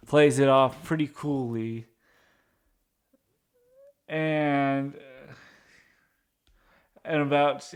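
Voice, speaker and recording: Slow, smooth-voiced man recapping. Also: medium pitch. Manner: rambling, frequent restarts and fillers. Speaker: show recap host. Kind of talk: casual episode recap.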